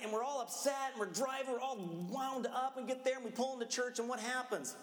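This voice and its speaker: A man's voice: very high voice, steady tone, quick pace, hardly any pauses. A middle-aged man preaching a sermon in a casual, conversational way, acting out his own frantic moments as a parent. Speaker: pastor. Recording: echoey hall, long reverb.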